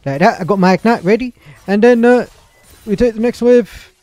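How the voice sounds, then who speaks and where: A young man streaming a video game, chatting excitedly through the match and answering his chat. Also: high-pitched, moderate pace, no room sound. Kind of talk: live gameplay commentary.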